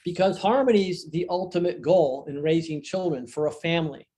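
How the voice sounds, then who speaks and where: Older male guest on a video call, slightly high voice, earnest reflective storyteller. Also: brisk, warm tone. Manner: earnest, reflective, emphatic on key phrases. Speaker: guest, divorce author and coach. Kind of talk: conversational interview storytelling.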